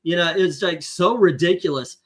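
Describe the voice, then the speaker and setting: A middle-aged man hosting a casual comics panel chat, an animated storyteller who drops into impressions. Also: high voice, normal speed. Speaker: comic book channel host.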